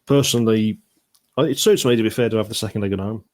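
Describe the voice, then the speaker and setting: A man's voice: lowish voice, no room sound. A man co-hosting a casual sports podcast, talking with many fillers and "to be fair" asides. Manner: quick, full of fillers, says "to be fair". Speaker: podcast co-host. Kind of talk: casual chat.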